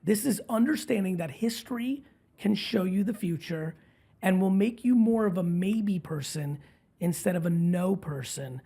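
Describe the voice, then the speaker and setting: Male podcast host, rough and husky tone, emphatic closing appeal. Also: animated, normal speed, warm tone. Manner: emphatic, urgent pitch to listeners. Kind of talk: interview.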